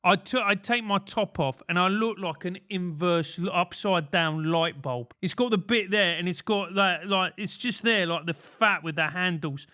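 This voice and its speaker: A man's voice: high-pitched, normal speed, few pauses, pushed and bright, smooth. A man with a British accent giving comedic advice as a podcast host, ranting and self-mocking. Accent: British English. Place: London.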